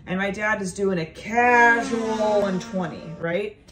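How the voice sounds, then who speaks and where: Animated young woman telling a story. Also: mid-range voice, slow pace, loud music behind the voice. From North Carolina. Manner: animated, acts out voices of family members. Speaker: stand-up comedian and YouTuber. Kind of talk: casual storytelling vlog.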